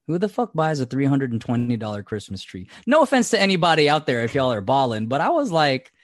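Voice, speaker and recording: A man's voice: medium pitch, very animated, fast talker, dry recording. Male podcast co-host, easygoing and profane, frequent laughs, dry booth sound. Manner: laid-back, laughs often, swears casually. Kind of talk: casual chat.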